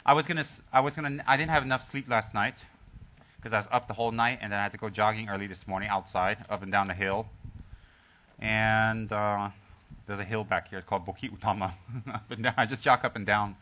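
Speaking to his group, a male Buddhist teacher begins his Dharma teaching with humor, then shifts into a quiet, calm story marked by frequent pauses and restarts. His voice is on the lower side.

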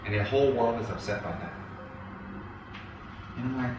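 A man's voice: mid-range voice, a little fast, pauses often. Man teaching in an echoey hall. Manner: animated, mimics people, rises into loud indignation. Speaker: Buddhist teacher. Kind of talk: dharma talk to an audience. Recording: echoey hall, picked up from a distance, with background noise.

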